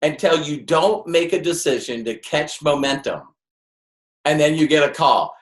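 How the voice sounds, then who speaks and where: A man's voice: a little high, expressive, normal speed. A man giving a motivational network marketing training to a live audience, emphatic and full of rhetorical questions. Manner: emphatic, rhetorical questions, acts out quoted voices. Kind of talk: motivational seminar talk. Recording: roomy echo.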